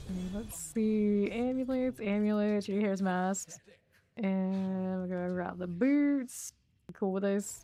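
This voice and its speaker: A woman's voice: medium pitch, darkish tone. A woman with a mild Southern American accent, streaming a game and chatting casually with viewers, teasing and laughing often as she plays. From Southern United States. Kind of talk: casual gameplay commentary.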